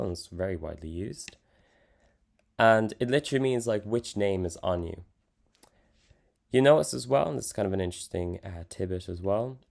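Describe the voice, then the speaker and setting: Low gravelly man explaining casually. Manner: relaxed, many ums and fillers. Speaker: language teacher.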